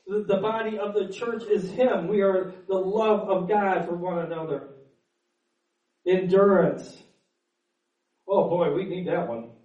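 A man's voice: sits high, steady tone, unhurried, long pauses, mellow, highs cut off. A man preaching a sermon as pastor, earnest, stumbling over repeated words and then building up with fervor. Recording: echoey room, mic at a distance.

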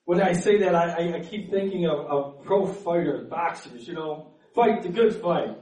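Here a man with a fairly high pitch and a slightly mellow tone speaks at normal speed as a pastor delivering a sermon. Earnest, he trips over repeated words, then gathers fervor. It's recorded from a distance in an echoey room.

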